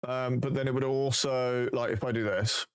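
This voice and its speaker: A man's voice: mid-range voice, steady tone, moderate pace, smooth. A man live-streaming, chatting casually and thinking aloud while he fixes his voice settings.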